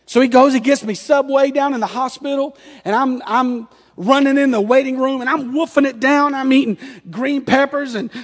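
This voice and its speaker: A man in his thirties preaches a sermon with a strikingly high voice, telling a playful story and acting out every exchange. His words ring out with a long hall reverb behind them. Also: steady tone, normal speed, hardly any pauses. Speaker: pastor.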